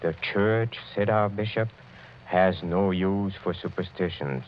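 A middle-aged actor playing a sinister aristocratic count who speaks in a smooth, insinuating way and chuckles often, in an old radio drama. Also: male voice, sits low, measured pace, a little hiss or hum. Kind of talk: 1940s radio acting. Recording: dull lo-fi old radio broadcast.

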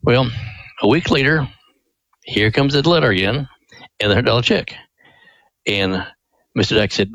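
An older man being interviewed as a ministry guest, telling a story in a folksy, animated way. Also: mid-range voice, normal speed, pauses often, dry recording, rough recording.

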